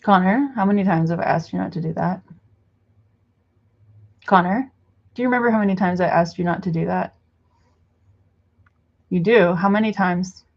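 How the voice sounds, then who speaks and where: A woman's voice: fairly low pitch, normal speed, pauses often, lo-fi sound. A young woman in her apartment scolding her pet bird over and over in simple, broken phrasing, exasperated and lecturing. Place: apartment indoors.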